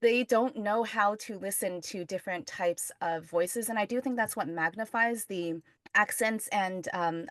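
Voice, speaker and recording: A woman's voice: mid-range voice, a bit bright, no room sound, clean studio sound. A woman hosting a casual podcast conversation, rambling with lots of fillers. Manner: rambling, heavy on fillers like "like" and "you know".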